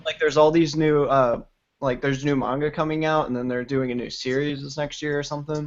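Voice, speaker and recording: A man's voice: fairly high pitch, fairly even intonation, brisk, dull audio. A man with stuffed-up sinuses chatting casually on a livestream, rambling and swearing freely between laughs.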